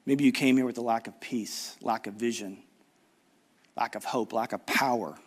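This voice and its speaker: A middle-aged man preaching a conference sermon, swinging from loud urgent emphasis to low hushed appeals and acting out the voices of people in the story. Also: normal speed. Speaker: guest preacher.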